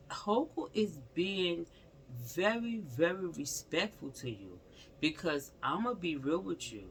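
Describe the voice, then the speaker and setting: Gravelly man ranting in casual commentary. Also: fairly high pitch, big pitch swings, slow pace, fairly bright tone. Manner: rambling, repetitive, exclamatory, talks straight to the subject. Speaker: commentary vlogger.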